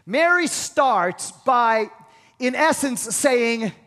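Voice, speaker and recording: High-pitched man preaching, gets quiet then shouts, has the room repeat after him. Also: expressive, measured pace, big-room sound. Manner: emphatic preaching, swings between hushed and shouted lines; leads the congregation in call-and-response. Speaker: pastor. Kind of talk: sermon.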